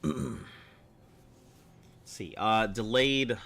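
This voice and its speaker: Casually commentating as he streams a game, a man rambles, thinks aloud and reads the on-screen text, drawing out his words. The medium-pitched voice is fairly bright but slightly rough and throaty from frequent throat-clearing.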